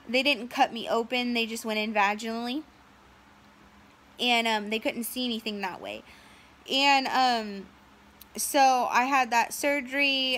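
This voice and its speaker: A woman's voice: fairly high pitch, pushed and bright. A young woman telling a long personal story in a casual, rambling way, full of "um"s and quoted dialogue. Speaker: storyteller recounting a personal medical ordeal.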